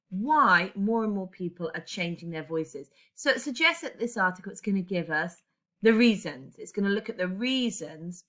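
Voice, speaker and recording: A woman's voice: on the low side, sharp tone. A woman English teacher talks through a grammar lesson step by step, with fillers and self-corrections along the way. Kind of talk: recorded classroom lesson explaining grammar.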